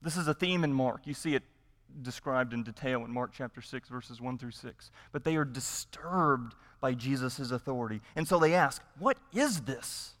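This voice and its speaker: A man's voice: mid-range voice, moderate pace, fairly bright tone, big-room sound. A man preaching a sermon as pastor, emphatic, repeating his points and asking rhetorical questions.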